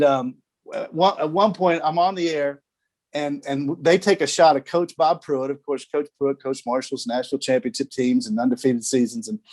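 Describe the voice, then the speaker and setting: A man's voice: fairly high pitch, darkish tone. A man around sixty, a TV sports director, telling stories on a video call interview. He laughs often and repeats words as he starts his phrases. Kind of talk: casual storytelling in an interview.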